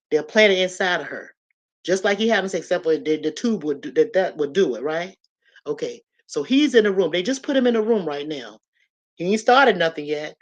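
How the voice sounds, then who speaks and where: A woman vlogger telling a personal story to her viewers in a casual, animated way, speaking straight to them and repeating phrases for emphasis. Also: fairly low pitch.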